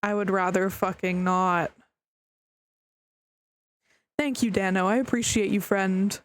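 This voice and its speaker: A woman's voice: mid-range voice, steady tone, slow pace, clean tone. A woman streamer wrapping up a stream in casual chat, rambling with lots of fillers and the odd curse, hiccuping.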